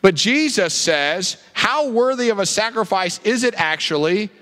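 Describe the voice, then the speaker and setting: A male pastor preaching a sermon, animated and full of rhetorical questions. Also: sits high, a little slow. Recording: reverberant hall.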